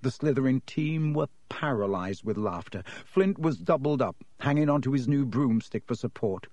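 Male audiobook narrator, expressive, dry close recording. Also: medium pitch, normal speed, no echo, highs cut off. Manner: reads expressively, voices each character.

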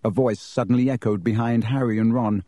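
Man reading a storybook, mellow. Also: medium pitch, steady tone, fairly quick, dry recording. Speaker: audiobook narrator. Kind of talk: storybook narration.

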